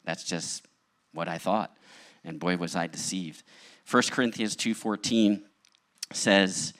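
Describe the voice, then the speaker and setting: A man's voice: low-pitched, takes it slowly, a bit bright. A male pastor preaching a sermon, telling his own story in a candid, conversational way. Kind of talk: sermon with personal testimony.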